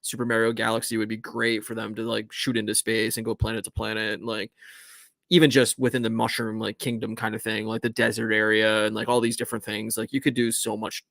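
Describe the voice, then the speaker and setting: A man's voice: fairly low pitch, monotone, fairly quick, gravelly, fairly bright tone, no room sound, clean studio sound. A man co-hosting a podcast in casual chat, rambling with plenty of filler words. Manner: rambling, heavy use of filler "like". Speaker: podcast co-host.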